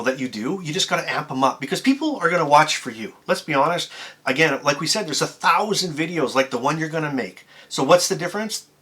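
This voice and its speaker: A man's voice: on the high side, pushed and bright. A man giving advice straight to camera as a YouTuber and motivational speaker, talking in an amped-up, emphatic, conversational way. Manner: conversational, with filler words and restarts. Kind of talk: to-camera tips video.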